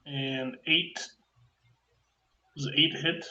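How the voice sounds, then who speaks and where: A man playing a tabletop game, speaking haltingly between laughs. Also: medium pitch, fairly even intonation, pushed and bright, muffled recording. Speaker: player. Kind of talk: casual play at a tabletop game.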